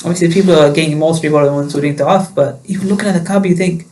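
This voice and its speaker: A man's voice: fairly high pitch, very fast, a little mellow. A man hosting a casual chat, eager and chatty as he shares his own experience. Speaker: host.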